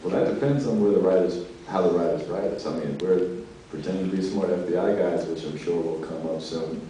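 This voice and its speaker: A man's voice: low voice, fairly even intonation, a little fast. A man on a convention panel, chatting casually and joking at his own expense. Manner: joking, self-mocking. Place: large convention hall. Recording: echoey hall from far off, loud noise.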